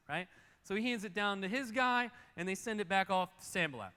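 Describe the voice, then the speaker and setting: A man preaching a sermon as pastor, telling the story fast and animatedly and acting out the characters. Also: sits high, expressive, pushed and bright, clean tone, long reverb tail. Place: church auditorium.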